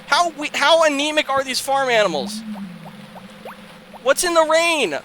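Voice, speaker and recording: Unhurried but expressive, a young man with a very high voice commentates on a farming game for his let's play. There is slight background noise as he rambles, swears, and tips into exasperated outbursts and laughter.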